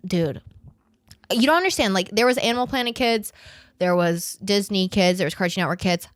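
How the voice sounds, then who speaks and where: A woman's voice: medium pitch, no room sound, clean studio sound. A woman in her twenties hosting a podcast, chatting casually, swearing and laughing, and stumbling as she reads aloud. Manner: animated, swearing, laughing often, reading aloud haltingly. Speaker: podcast host. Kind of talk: casual chat.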